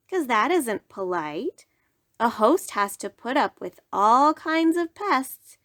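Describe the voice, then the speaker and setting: A woman reads a rhyming picture book aloud at bedtime, slow and deliberate. Her pitch sits a little high and moves a lot, rising and falling with the verse. The recording is close and dry. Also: dry recording. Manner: animated rhyming read-aloud. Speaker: storyteller. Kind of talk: bedtime story reading.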